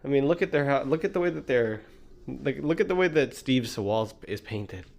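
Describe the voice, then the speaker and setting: A man's voice: mid-range voice, expressive, a little fast, creaky, a little mellow. Sarcastic ranting man. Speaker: streamer reacting to a clip. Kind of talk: sarcastic rant commentary.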